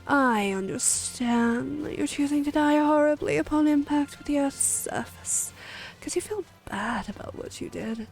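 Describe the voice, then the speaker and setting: A sinister villain gloats in a slow, silky monologue, as a woman puts him on. The menace comes through in the drawn-out, deliberate phrasing. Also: sits high, vocal fry, a little mellow, full character voice.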